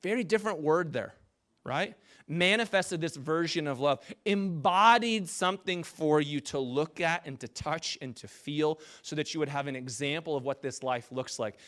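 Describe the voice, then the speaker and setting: Male pastor, informal sermon, animated and playful with the room, slightly high voice. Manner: animated, jokey, talks with the congregation. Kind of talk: conversational sermon.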